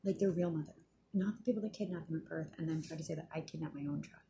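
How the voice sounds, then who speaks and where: A woman rambles through an agitated personal vlog rant, swearing often and filling gaps with ums. Her voice sits low with a gravelly fry. The recording carries a clear hiss of background noise. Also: rapid-fire, dark tone. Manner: agitated, profane, many fillers. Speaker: vlogger. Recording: noisy background.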